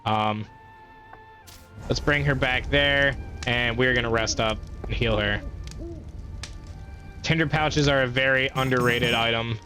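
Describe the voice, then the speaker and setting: Bright-voiced swearing gaming streamer man. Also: mid-range voice, unhurried, pauses often. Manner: profane, trash-talking, mocking enemies. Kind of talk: casual gameplay commentary. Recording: faint background game music.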